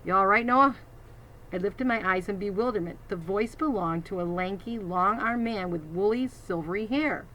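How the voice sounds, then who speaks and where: A woman's voice: medium pitch, normal speed, few pauses, fairly bright tone, slight background noise, rough recording. A woman reading a children's novel aloud, adding teacherly asides to her listeners. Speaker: reader.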